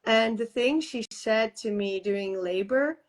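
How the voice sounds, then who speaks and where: Female interview guest, somewhat high-pitched, frank and animated storyteller, laughs easily, many restarts. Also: measured pace. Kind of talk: candid personal storytelling in conversation.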